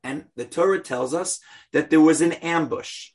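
A man teaching a scripture class, chatty and animated, joking in asides and chanting verses aloud. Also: a little high, normal speed, husky.

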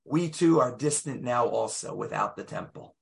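A man teaching a lively Torah class, emphatic and acting out the voices in the text. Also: medium pitch, normal speed, gravelly, slight background noise. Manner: animated, emphatic, acts out voices and quotes.

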